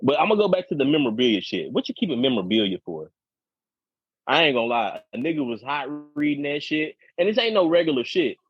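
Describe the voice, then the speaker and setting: A man's voice: on the high side, very animated, quick pace, breathy edge, dry recording. A man co-hosting a casual podcast, telling a profane story at length and often repeating words as he talks. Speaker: podcast co-host. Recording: dull lo-fi podcast audio.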